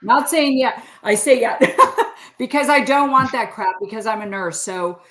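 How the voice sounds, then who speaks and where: A woman's voice: fairly high pitch, unhurried, a bit bright, echoey room, a little hiss or hum. A sixty-year-old woman from California, a podcast guest telling stories in casual, chatty talk and laughing often. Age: 60s. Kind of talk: casual interview chat.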